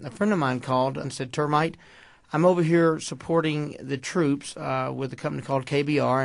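A man with a rough, gravelly voice sits slightly above the usual pitch. He tells his stories with folksy color, acting out the dialogue. The sound is dry and close. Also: no room sound. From Houston, Texas. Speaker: boxing coach. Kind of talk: storytelling interview.

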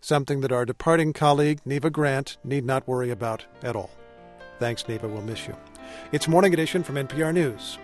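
A man hosting a radio news program, reading a scripted farewell segment in a measured, even delivery. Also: medium pitch. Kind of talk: scripted broadcast narration. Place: radio studio. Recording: dry studio sound with music bed.

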